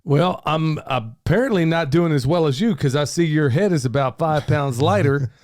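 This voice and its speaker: A man's voice: fairly high pitch, expressive, moderate pace, darkish tone. A middle-aged man, hosting a casual podcast in an upbeat, folksy way. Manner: folksy, upbeat, says "y'all" often. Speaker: podcast host.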